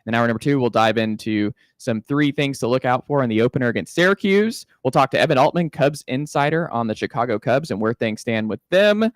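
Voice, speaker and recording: A man's voice: mid-range voice, no echo. Upbeat man, sports radio host, dry studio sound. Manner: upbeat, quick, with fillers. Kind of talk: casual sports radio talk. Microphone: studio microphone.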